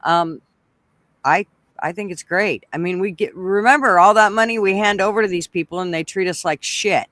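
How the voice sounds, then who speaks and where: Blunt, profane high-voiced man. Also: moderate pace, bright, forceful tone, dry recording. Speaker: podcast co-host. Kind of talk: casual political chat.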